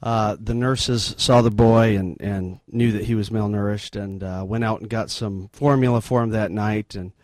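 A middle-aged man, a missionary guest in an interview, retelling a story in an earnest, halting, sombre way. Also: on the low side, steady tone, darkish tone, no echo.

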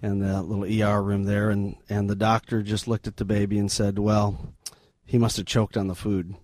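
A middle-aged man, a missionary guest in an interview, retelling a story in an earnest, halting, sombre way. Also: lowish voice, level tone, a little mellow, no room sound.

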